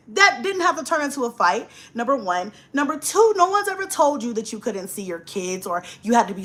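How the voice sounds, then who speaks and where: A woman's voice: a little high, bright, forceful tone. A young woman vlogger telling a story in a rant, swearing freely and acting out both sides of an argument.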